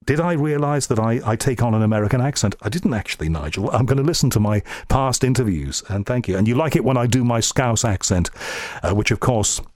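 A man's voice: medium pitch, a little fast, darkish tone, no room sound, clean studio sound. A man from Liverpool with an English accent, hosting a radio and podcast show, reading out listener emails and chatting in a conversational, thoughtful way with frequent ums. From Liverpool, England. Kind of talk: reading listener emails on air, then interviewing a guest.

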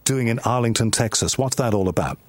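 A man's voice: medium pitch, brisk, no room sound. A British man hosting a radio interview show, introducing his guest and chatting conversationally. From United Kingdom.

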